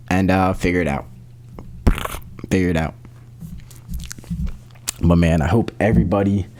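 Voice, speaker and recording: A man's voice: lowish voice, a little mellow. A young man hosting his own podcast, talking casually in a slangy, rambling way with lots of restarts. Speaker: podcast host. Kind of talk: solo podcast update.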